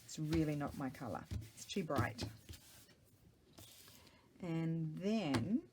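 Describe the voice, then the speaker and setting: A woman's voice: low voice, animated, takes it slowly, noisy background. A middle-aged woman, chatting casually and rambling to herself while she works on a craft project at home. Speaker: craft vlogger. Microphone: small microphone.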